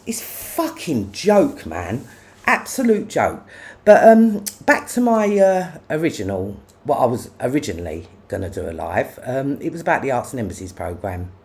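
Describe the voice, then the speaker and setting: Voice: mid-range voice, big pitch swings, moderate pace, darkish tone. Streamer going off in an angry rant, swears a lot, voice jumps all over the place. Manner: profane, confrontational, repeats "yeah?". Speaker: livestreamer.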